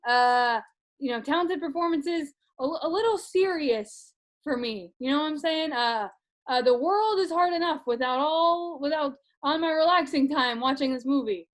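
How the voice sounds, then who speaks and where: A woman's voice: high voice, normal speed, lightly acted. A woman playing a nervous, rambling middle-aged dad who reviews movies in a comedy sketch, stammering through constant fillers. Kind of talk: comic sketch monologue.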